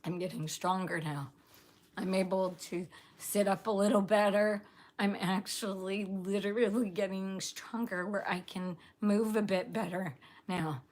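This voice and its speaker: A woman's voice: mid-range voice, fairly even intonation, unhurried, darkish tone. A woman hosting a casual live stream, bubbly and gushing, laughing often as she chats with viewers. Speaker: livestream host.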